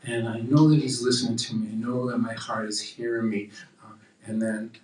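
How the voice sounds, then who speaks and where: An older man performing live storytelling comedy, animated and acting out voices and heartbeat sounds. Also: medium pitch, moderate pace, reverberant, recorded from a distance, low-quality recording. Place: coffeehouse stage.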